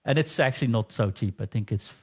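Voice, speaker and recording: A man from the Netherlands co-hosts a casual podcast and speaks in a middle register. He tells lively anecdotes and acts out the lines of the people in them. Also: mid-range voice, fast talker, slightly rough. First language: Dutch. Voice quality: chatty storyteller, acts out quoted exchanges. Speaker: podcast co-host. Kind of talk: casual chat.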